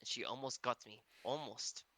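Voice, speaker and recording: A man's voice: medium pitch, normal speed, bright, forceful tone. A man playing in a tabletop game, playful and teasing. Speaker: player. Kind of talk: casual tabletop play.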